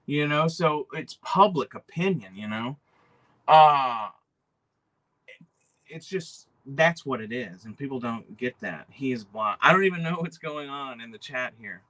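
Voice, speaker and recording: A man's voice: medium pitch, lively intonation, a little slow, fairly bright tone. A man hosting a livestream, rambling casually, cursing often and answering the chat. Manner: rambling, profane, reads chat aloud. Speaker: livestream host.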